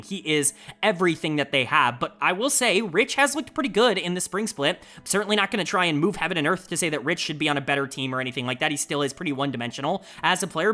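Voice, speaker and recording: A man's voice: on the high side, pushed and bright. A young man giving a solo esports analysis in an emphatic, opinionated way. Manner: emphatic and opinionated, rapid-fire delivery.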